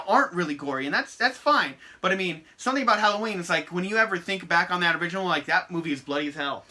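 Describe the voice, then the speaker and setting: A man's voice: on the high side, sharp tone. A man co-hosting a casual podcast chat, easygoing and rambling, often restarting his sentences. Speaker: podcast co-host.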